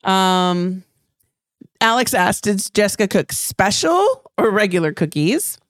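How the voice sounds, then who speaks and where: A young adult woman co-hosting a podcast in casual chat, talkative and quick to laugh as she reads out listener comments. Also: mid-range voice, very animated, no room sound, studio quality. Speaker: podcast co-host.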